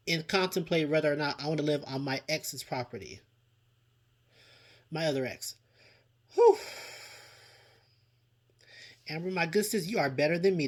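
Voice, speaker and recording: A video host giving casual commentary on a reality show, exasperated and dramatic, sighing often and repeating lines for emphasis. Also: medium pitch. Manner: exasperated, dramatic, with frequent sighs and exclamations; addresses people directly and repeats lines for emphasis. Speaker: TV show reviewer, channel host.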